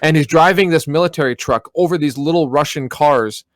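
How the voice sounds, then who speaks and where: A man co-hosting a podcast, casually ranting about disappointing movies with animated storytelling and plenty of swearing. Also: a little high, fairly quick, no echo. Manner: animated storytelling, mimics people mid-rant, swears freely. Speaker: podcast co-host. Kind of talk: casual chat.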